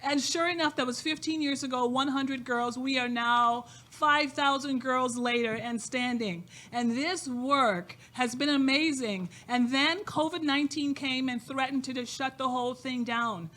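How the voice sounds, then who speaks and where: A woman's voice: sits high, measured pace, few pauses, a bit bright. A woman who founded a youth program gives an emphatic, inspirational speech from an event stage, repeating phrases for emphasis. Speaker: nonprofit founder speaking at a fundraiser. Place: event stage with a live audience.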